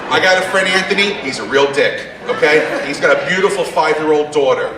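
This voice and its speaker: This male stand-up comedian, a little high-voiced and a little fast, brashly teases his live theater audience with asides. Heard from far off in an echoey theater, he competes with a noisy background and laughter from the crowd.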